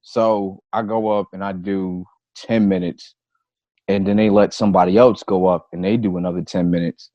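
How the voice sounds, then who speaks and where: Male comedian guest, deep-ish, dry close mic, relaxed profane storyteller. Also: normal speed, dry recording, highs cut off. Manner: loose, profane anecdote telling. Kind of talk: casual podcast storytelling.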